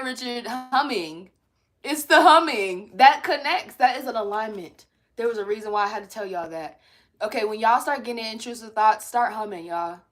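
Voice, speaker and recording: A young woman talks to her viewers from home in a higher-than-usual voice. She swings between blunt, profane jokes and laughter and calmer read-aloud spiritual guidance, like a frank self-help host. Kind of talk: casual spiritual pep talk to viewers.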